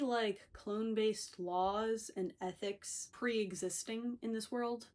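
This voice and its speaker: A young woman with a slightly high voice gives a casual book review vlog. She talks in a loose, chatty, wry way, as if freestyling her thoughts.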